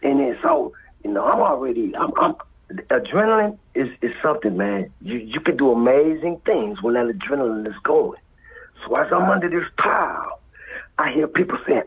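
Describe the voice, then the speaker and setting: A man with a Los Angeles accent telling a street story as a guest, acting out voices and sound effects and dropping to whispers, with a very husky voice. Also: medium pitch, sing-song, normal speed. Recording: tinny phone-like line.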